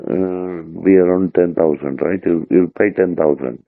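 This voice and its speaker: Brief: low, gravelly man tutoring, patient, over a thin phone-like line. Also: a little slow, no room sound. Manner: patient explainer, checks in with "right?". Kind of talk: explaining a term to a student. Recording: dry, tinny phone-like line.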